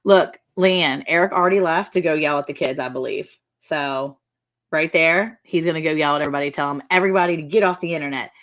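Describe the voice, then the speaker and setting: A woman's voice: low-pitched, quick pace, a bit bright. Chatty woman hosting a ranch livestream. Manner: chatty, laughing often, greets viewers by name. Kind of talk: casual livestream chat.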